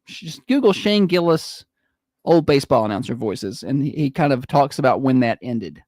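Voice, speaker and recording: A man's voice: medium pitch, lively intonation, normal speed, darkish tone, no echo. A man hosting a morning radio show with a Southern American accent, joking through casual banter. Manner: joking, does old-timey announcer voices.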